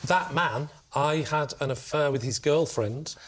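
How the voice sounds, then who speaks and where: A man telling a comic anecdote on a television panel show, with quick jokey asides. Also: fairly high pitch. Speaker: panel show team captain. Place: TV studio. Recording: loud studio audience laughter.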